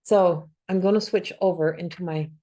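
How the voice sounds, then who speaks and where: A woman's voice: lowish voice, fairly even intonation, normal speed, warm tone. A woman reading tarot cards for a forecast to camera, talking earnestly with repeats and restarts, encouraging her viewers. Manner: earnest, repetitive, encouraging, thinks aloud with restarts. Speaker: psychic reader. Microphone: camera, solo video.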